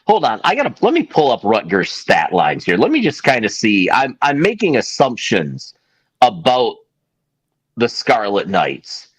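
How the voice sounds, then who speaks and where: Lively, animated sports podcast host man. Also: mid-range voice, measured pace, husky. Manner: playful, reads viewer comments, animated. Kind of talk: casual chat.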